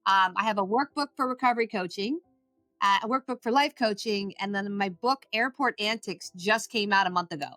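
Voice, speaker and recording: A woman's voice: mid-range voice, brisk, bright, forceful tone, no room sound, soft background music. A middle-aged woman, a recovery coach, speaking as a podcast guest, telling stories emphatically and acting out the voices of people she quotes. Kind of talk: podcast interview storytelling.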